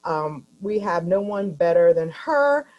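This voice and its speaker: A woman's voice: fairly low pitch, lively intonation, a little slow, a little mellow. A woman hosting a webinar, casually introducing a guest speaker with some hesitation. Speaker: webinar host. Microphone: video call. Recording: dull lo-fi call audio.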